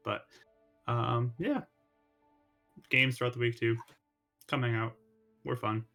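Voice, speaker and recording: A young man speaks laid-back and easy as a tabletop player, laughing along. His voice is bright and sharp over faint music. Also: medium pitch, sing-song, slow, gravelly, long pauses.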